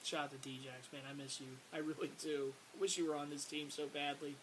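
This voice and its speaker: Casting note: rambling, exasperated male fan vlogger, a touch high, faint hiss behind. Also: flat delivery, a little fast, hardly any pauses, rough recording. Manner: frustrated, rambling, repeats words, bursts of exasperated shouting. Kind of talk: casual sports rant to camera.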